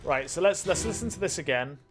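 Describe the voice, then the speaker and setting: A man's voice: fairly high pitch, lively intonation, fairly quick, slight background noise. A man commenting on a mystery game as he plays, thinking aloud and swearing freely. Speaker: let's play host. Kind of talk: gaming commentary.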